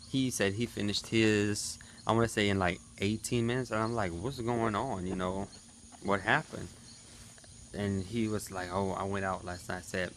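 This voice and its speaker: A man's voice: fairly low pitch, fairly bright tone, a little hiss or hum. A man in his thirties chatting casually to his viewers in a vlog recap. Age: 30s. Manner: chatty, talks straight to viewers. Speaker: vlogger.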